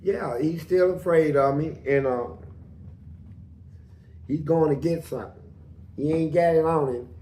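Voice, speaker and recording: A man's voice: a little high, a little slow, long pauses, mellow, echoey room, slight background noise. A man telling a prison story in a blunt, profane way, full of sound words. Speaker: storyteller guest.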